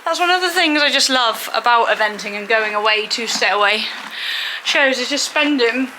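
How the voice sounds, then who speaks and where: A woman's voice: on the high side, moderate pace, noisy background. A woman, vlogging and talking fondly to her horse in a stable, emotional and close to tears. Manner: chatty, affectionate, talks fondly to her horse. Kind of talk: casual vlog chat. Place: outdoors and in a stable at a horse event.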